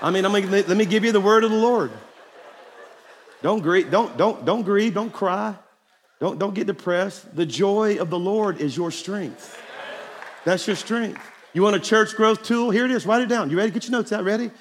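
A man's voice: high voice, normal speed. A man preaching a folksy, joking sermon to a conference crowd in a large hall. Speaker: pastor. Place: large hall with live audience. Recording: long hall reverb, faint crowd and noise.

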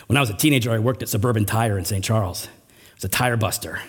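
A middle-aged man preaching a sermon as pastor, with animated, emphatic rising runs. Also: on the low side, quick pace, breathy edge. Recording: long hall reverb.

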